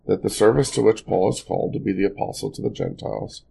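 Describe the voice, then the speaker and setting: A pastor reading scripture aloud and then explaining it in a loose family worship devotional, with many fillers. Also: male voice, on the low side, fast, gravelly, dark tone, husky, poor audio.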